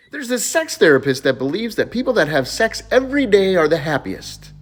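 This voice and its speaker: A man's voice: high voice, very animated, a little fast. Man casually telling dirty jokes. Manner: laughs at his own punchlines. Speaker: joke teller.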